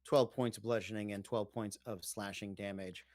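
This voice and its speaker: A man's voice: on the low side, fairly even intonation, normal speed, a little mellow, no echo, clean studio sound. A man running a tabletop game as game master, giving matter-of-fact rulings and vivid narration.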